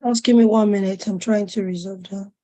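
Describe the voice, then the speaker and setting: A woman's voice: medium pitch, steady tone, brisk, mellow. Flustered woman hosting a video webinar. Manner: flustered, apologetic, chatty. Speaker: webinar presenter. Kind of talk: online webinar talk. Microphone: video call.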